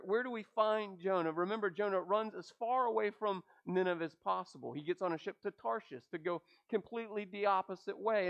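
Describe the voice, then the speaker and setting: A man preaching a sermon, asking rhetorical questions and dropping his voice low at the ends of phrases. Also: creaky, dull audio. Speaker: pastor.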